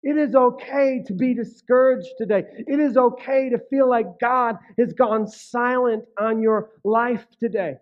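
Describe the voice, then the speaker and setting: High-voiced pastor preaching conversationally. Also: male voice, unhurried, few pauses, muffled recording. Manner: conversational, frequent "right?" and "okay?" asides; repeats words when starting phrases. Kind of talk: sermon.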